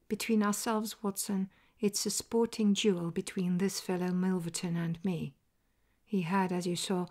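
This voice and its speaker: A woman softly voicing a self-assured male detective in a half-whispered, measured way, as whispered role-play. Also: on the low side. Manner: measured and resolute.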